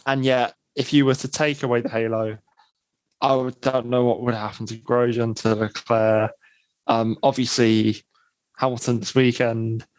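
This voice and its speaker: A man's voice: mid-range voice, little pitch movement, moderate pace, no room sound, low-quality recording. A man co-hosting a podcast in casual chat, talking things through in thoughtful, longer runs. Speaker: podcast co-host.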